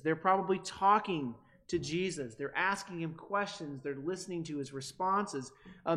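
Emphatic preaching man, fairly high voice. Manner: emphatic, rising loud on key words, many restarts. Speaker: pastor. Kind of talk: sermon.

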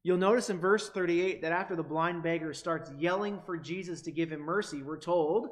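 Emphatic preaching man, fairly high voice. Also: normal speed, hardly any pauses. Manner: emphatic, rising loud on key words, many restarts. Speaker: pastor. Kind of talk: sermon.

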